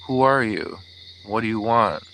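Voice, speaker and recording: A man voicing a desperate, frightened young man who speaks in tense, halting bursts. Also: lowish voice, lively intonation, bright, forceful tone, a little hiss or hum, exaggerated voice, poor audio.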